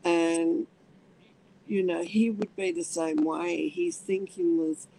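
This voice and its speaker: A middle-aged woman, telling her personal story in halting speech with many restarts. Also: fairly low pitch, fairly even intonation, dark tone, poor audio. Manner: halting, many restarts, acts out voices in quotes. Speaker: interviewee.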